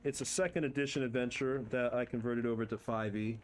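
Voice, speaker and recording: A man's voice: mid-range voice, steady tone, brisk, slight background noise. A man streaming live, chatting playfully to himself and to viewers as he builds game terrain, boasting in fun. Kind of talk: casual live-stream chat while building. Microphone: desk mic with headphones.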